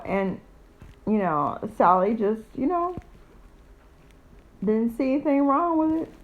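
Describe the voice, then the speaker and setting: A woman's voice: on the high side, slow pace, pauses often, phone-quality sound, slight background noise. A middle-aged woman telling a personal story in a blunt, profane, rambling way, full of fillers. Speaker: vlogger. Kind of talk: casual storytelling.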